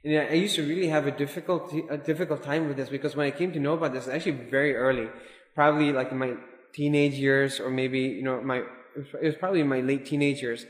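A man giving an informal religious lesson, talking in a relaxed, digressive way and dropping in Arabic and Urdu terms. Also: mid-range voice, fast. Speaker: Islamic teacher. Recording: echoey hall with long reverb.

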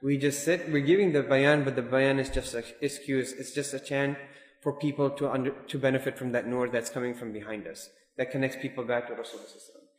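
Male religious teacher, chatty and digressive, mid pitch, roomy reverberant hall. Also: steady tone, fast talker. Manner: conversational, digressive, mixes in Arabic and Urdu terms. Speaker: Islamic teacher. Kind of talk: informal religious lesson. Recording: echoey hall with long reverb.

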